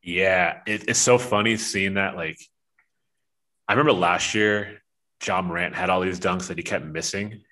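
A man's voice: sits low, normal speed, bright, forceful tone. A man co-hosting a podcast, talking sports in an enthusiastic, rambling way. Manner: enthusiastic, rambling, laughs a lot. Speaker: podcast co-host. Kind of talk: casual sports chat.

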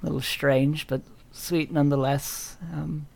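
A man voicing a confused, polite elderly woman in her sixties, speaking haltingly. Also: on the high side, little pitch movement, gravelly, a little mellow. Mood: wistful hesitation. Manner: hesitant, polite, faltering.

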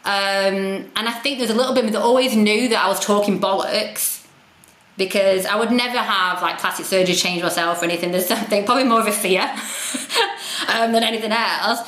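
A woman's voice: medium pitch, fairly even intonation, fairly quick, a bit bright. A woman, a podcast guest, telling her story candidly, frank and self-deprecating with plenty of swearing. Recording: roomy echo.

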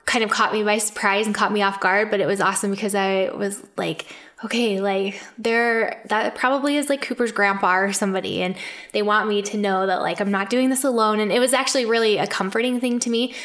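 A woman's voice: mid-range voice, steady tone, brisk, fairly bright tone. A woman co-hosting a podcast, an adoptive mother telling stories about her children in a casual, chatty way, full of filler words. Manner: chatty, many "like" fillers, laughs often. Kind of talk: casual storytelling.

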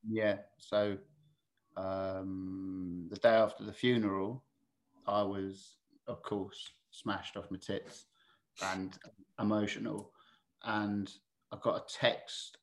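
Sweary low-voiced guest. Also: male voice, level tone, takes it slowly. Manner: candid, sweary, chatty, frequent restarts. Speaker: podcast guest. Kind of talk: casual anecdotal storytelling.

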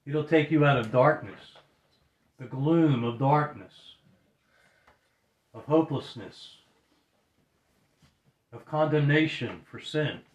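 A man's voice: medium pitch, dull audio. Earnest male preacher in a roomy hall. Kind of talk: sermon.

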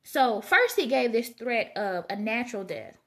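Woman, fairly high voice, casual scripture reading, informal reflections, chatty. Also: big pitch swings, measured pace, fairly bright tone. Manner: conversational, reads scripture aloud then muses informally. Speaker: Bible study vlogger.

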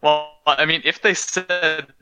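A young man co-hosting a casual movie podcast, making deadpan jokes. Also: a little high, slow, clean tone, dry recording, soft background music. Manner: deadpan jokes, laughs at himself. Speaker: podcast co-host. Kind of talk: casual chat. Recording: dull, lo-fi sound.

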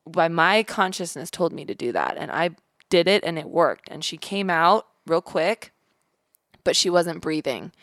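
Animated woman telling a story, dry sound. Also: lowish voice, unhurried, dry recording. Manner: animated storyteller acting out quoted voices, spiritual vocabulary. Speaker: podcast guest. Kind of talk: casual storytelling interview.

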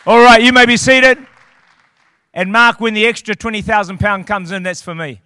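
A man preaching a sermon as a pastor, swinging from quiet storytelling to shouted declarations. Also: sits high, fairly even intonation, moderate pace, smooth, dry recording, a faint crowd.

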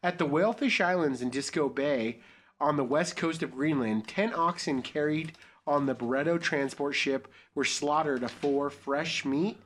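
A man's voice: fairly high pitch, moderate pace, fairly bright tone. A young man hosting a podcast, reading a story aloud and joking crudely along the way. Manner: crude, joking, riffs off the script.

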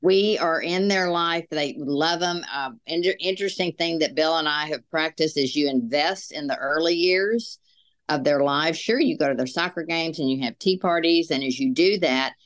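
An older woman with grandchildren, appearing as a podcast guest over a remote call and speaking in a warm, encouraging way. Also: sits low, normal speed. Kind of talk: encouraging ministry talk.

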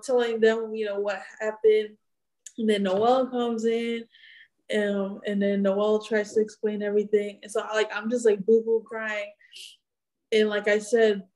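A woman's voice: fairly high pitch, a little mellow. A young woman co-hosting a casual podcast, telling a story in a rambling way with frequent laughs. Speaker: podcast co-host. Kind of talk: casual chat.

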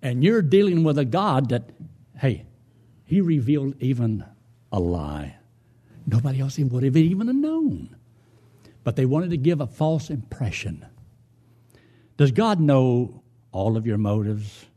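A man's voice: medium pitch, big pitch swings, a little slow, long pauses, warm tone. A man preaching a sermon in a church, telling folksy stories and asking his congregation pointed questions.

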